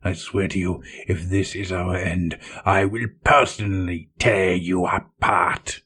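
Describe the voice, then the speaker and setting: A man's voice: low voice, fairly even intonation, measured pace, breathy edge, exaggerated voice. Man ranting as a furious renegade captain. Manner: shouting, ranting threats.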